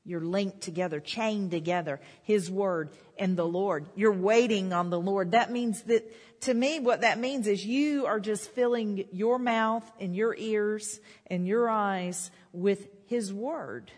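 A woman's voice: medium pitch, a little slow, hardly any pauses, darkish tone. A woman preaching a sermon, repeating declarations with rising emphasis. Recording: long hall reverb.

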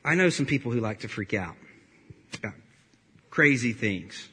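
A man's voice: medium pitch, lively intonation, moderate pace, pushed and bright, slightly rough. A man in his thirties preaching a sermon in a casual, joking storytelling way, recorded in a reverberant church hall. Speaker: pastor.

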